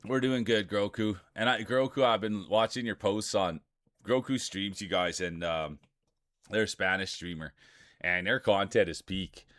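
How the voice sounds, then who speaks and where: A man's voice: on the low side, a little slow, a bit bright, dry recording. A man streaming live, chatting casually and rambling while greeting viewers by name.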